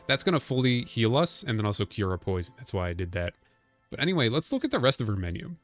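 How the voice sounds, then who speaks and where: A man's voice: medium pitch, sing-song, fast, a bit bright, soft background music. A man giving casual, joking commentary while playing a video game, rambling and wry. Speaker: let's play streamer.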